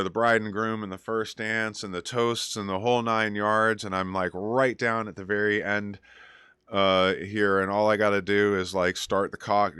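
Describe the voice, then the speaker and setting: A lowish, bright, forceful voice that is clear and resonant, captured dry in clean studio sound. The man is a DJ and show host on a casual music program, rambling through advice and storytelling with frequent fillers and restarts.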